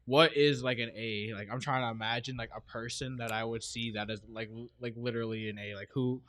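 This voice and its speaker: A man's voice: mid-range voice, steady tone, fairly quick, fairly bright tone, no room sound. A man co-hosting a podcast in casual chat, joking and self-deprecating. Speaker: podcast co-host.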